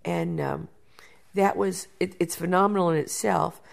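Gravelly-voiced woman producer telling stories. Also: fairly low pitch, normal speed. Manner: animated storyteller, repeats words while thinking. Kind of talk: interview conversation.

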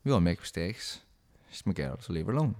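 A man's voice: sits low, very animated, fast, darkish tone. A man co-hosting a casual podcast chat, bantering, swearing freely and laughing often. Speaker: podcast co-host.

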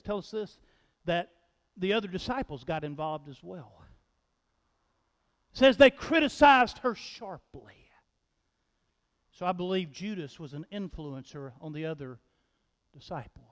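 A male pastor preaching a sermon in a church, animated and emphatic, speaking straight to his congregation. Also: high-pitched. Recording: long reverb of a large hall.

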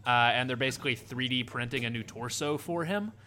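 A man's voice: medium pitch, a little fast, sharp tone, a little hiss or hum. A man hosting a casual podcast, recapping a movie plot with frequent fillers and laughter. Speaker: podcast host recapping the film.

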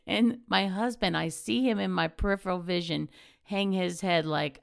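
A woman's voice: medium pitch, expressive, normal speed, creaky, clear, resonant tone, no room sound, clean studio sound. A middle-aged woman, hosting a casual motivational monologue as a chatty, candid, self-mocking storyteller. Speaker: podcast host.

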